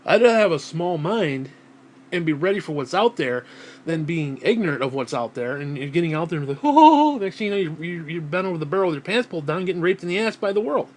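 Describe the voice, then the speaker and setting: A man ranting to camera in a vlog, blunt and heavy on swearing, sighing and clearing his throat between thoughts. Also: on the high side, quick pace. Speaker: vlogger. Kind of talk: profane personal rant to camera.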